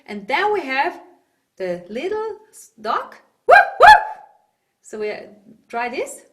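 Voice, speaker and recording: A Swiss German woman teaches yodelling over a video call, her voice high and her pace unhurried. She searches for English words as she explains, then bursts into loud calls and barks to show the sound. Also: sing-song. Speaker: yodel instructor. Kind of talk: online singing lesson.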